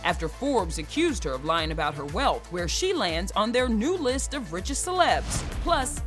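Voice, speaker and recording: A woman's voice: medium pitch, big pitch swings, moderate pace, over music. A woman entertainment news anchor reading scripted stories with emphatic delivery.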